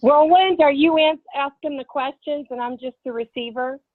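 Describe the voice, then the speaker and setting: A woman speaks up on a group video call, chatty and eager to play along. Her voice sits high. The audio is narrow and tinny, like a phone line, and dry with no room sound. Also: normal speed, dry recording. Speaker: group member in a role-play. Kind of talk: casual conversation on a video call.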